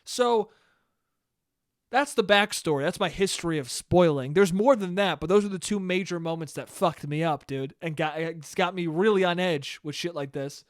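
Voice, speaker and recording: A high-voiced young man riffs alone into a dry, close mic. He rants and swears his way through a story with lots of animation. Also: normal speed, no room sound. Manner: ranting, profane, animated storytelling. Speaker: podcast host. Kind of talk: solo casual monologue.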